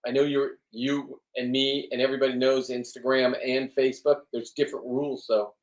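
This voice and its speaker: A man's voice: medium pitch, fairly even intonation, fairly quick. Crude, profane man in his fifties. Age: 50s. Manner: crude, profane, loud and joking. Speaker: fishing and diving vlogger. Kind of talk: casual rambling monologue. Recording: roomy, from a distance.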